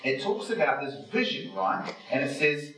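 Man preaching a casual Bible study, miked from afar in a booming room, faint music underneath. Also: huge pitch swings, normal speed, bright, forceful tone, echoey room, far from the mic, rough recording. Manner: asks the listeners rhetorical questions; folksy, chatty, with frequent fillers. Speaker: Bible teacher. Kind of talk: conversational Bible study sermon.

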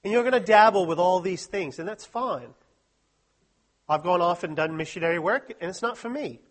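A man's voice: high-pitched, expressive, moderate pace. A man giving a humorous, self-deprecating talk to a live audience at a Christian study week. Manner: joking, self-deprecating, chatty asides.

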